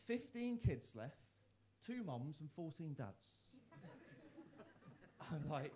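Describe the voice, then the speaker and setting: A young man from Worcester, England, performs a live stand-up set in a comedy club with a fairly high, very animated voice at a slow pace. His self-mocking delivery features stammered restarts and sudden loud punchlines.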